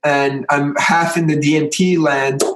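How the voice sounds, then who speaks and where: A man's voice: fairly high pitch, level tone, a little slow. Rambling man telling a story, echoey room. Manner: rambling, acts out quoted voices, many "like" fillers. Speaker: podcast guest, artist. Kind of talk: casual storytelling.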